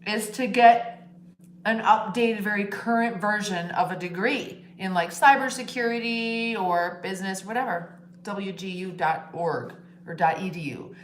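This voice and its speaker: A woman chats casually on her own livestream, blunt and opinionated, dropping curses without a second thought. Her middle-pitched voice bounces around a roomy space at home, with faint background sound underneath. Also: a little slow, slight background noise. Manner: blunt, swears freely, opinionated. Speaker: livestream host. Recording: roomy echo.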